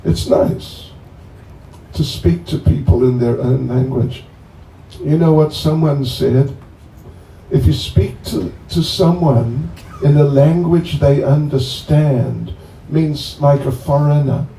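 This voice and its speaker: This slightly high, warm male voice belongs to someone joking and chatting as he introduces a guest to devotees around a bonfire. His delivery is slow and meandering, captured in a distant, echoey recording with faint background noise.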